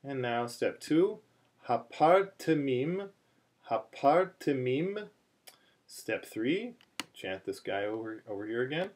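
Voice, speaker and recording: A man talks slowly, hesitating with fillers as he explains. Between explanations he chants short phrases aloud in a lesson. His voice sits in a middle pitch. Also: sing-song, slight background noise. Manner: slow, halting speech with many fillers, breaking into chant. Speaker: cantillation teacher. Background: phone ringing in the background.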